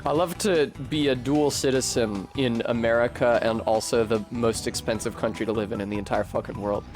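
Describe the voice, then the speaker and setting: A man's voice: mid-range voice, steady tone, fairly quick, darkish tone. A young man streaming a video game, rambling in casual chat with a sardonic, swearing manner. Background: faint game music.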